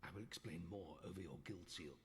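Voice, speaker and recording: A man's voice: deep voice, brisk, a bit bright, a little hiss or hum. An actor playing a stern male mentor who gives urgent orders in a solemn tone. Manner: solemn, commanding. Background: game music.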